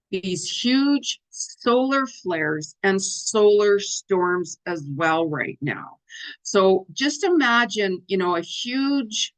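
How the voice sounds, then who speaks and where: A woman's voice: mid-range voice, a bit bright, low-quality recording. A middle-aged woman hosting a live psychic reading stream, talking casually and at length with lots of fillers. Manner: chatty, rambling, many fillers like "like" and "you know"; acts out her own exclamations in a raised voice. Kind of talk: casual livestream talk.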